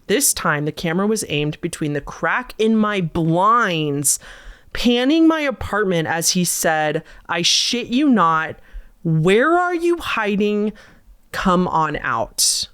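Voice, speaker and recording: A woman host reading viewer-submitted scary stories aloud and breaking in with disgusted, sarcastic asides. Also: lowish voice. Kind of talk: storytelling reading with reactions.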